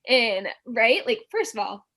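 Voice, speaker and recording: A woman guest telling a personal story in a casual interview, animated and full of filler words. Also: a little high, measured pace.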